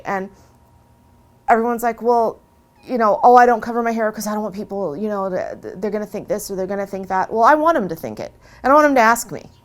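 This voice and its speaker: A woman telling her own story in a casual, chatty way, animated, with many restarts and asides. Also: mid-range voice. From USA. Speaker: convert sharing her story. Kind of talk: casual testimony.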